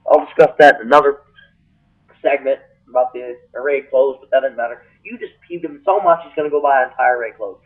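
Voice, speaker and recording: A man ranting comically to his webcam, breaking into exaggerated high-pitched outbursts. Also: quick pace. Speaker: comedy vlogger. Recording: tinny lo-fi webcam audio, distant from the mic.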